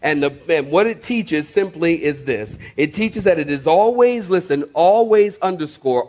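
Middle-aged male pastor, high voice, sermon delivery with dramatic hushed drops and repetition. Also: expressive, a little slow, few pauses. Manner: preaching with big swings from loud to hushed, repeating phrases.

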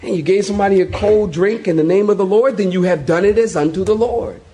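A man's voice: high-pitched, fast talker, mellow. A male pastor preaching a sermon, telling stories with animation, laughter and acted-out voices.

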